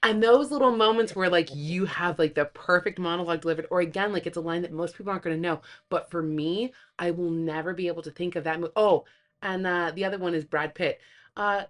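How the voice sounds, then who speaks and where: Woman podcast co-host, casual and animated, slips into acted movie quotes. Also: lowish voice, fairly quick. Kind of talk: casual chat.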